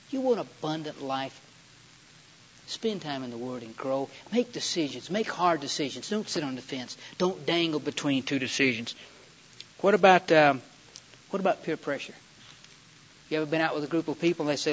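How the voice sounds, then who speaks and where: A middle-aged man preaching a sermon, dramatic, swinging between loud excited storytelling and hushed, slow scripture reading. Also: mid-range voice, slight background noise. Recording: dull lo-fi recording.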